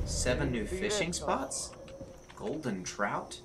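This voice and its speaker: A man's voice: lowish voice, expressive, moderate pace. A man casually commenting while playing a video game, joking and rambling. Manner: joking, rambling, self-deprecating. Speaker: gaming YouTuber. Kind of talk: casual let's play commentary. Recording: loud game noise behind.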